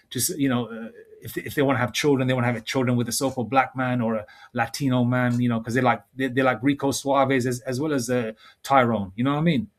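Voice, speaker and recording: A man giving an informal scripture teaching in a rambling, conversational way. He reads verses slowly and deliberately. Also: mid-range voice, fairly even intonation. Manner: rambling and conversational, full of fillers. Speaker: religious teacher.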